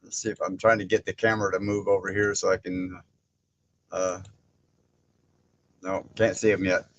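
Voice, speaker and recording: A man's voice: low voice, flat delivery, moderate pace, fairly bright tone, slight background noise. A man hosting a casual livestream from his barn, rambling, chuckling often and greeting people from the chat by name. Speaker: livestream host. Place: indoor barn workspace.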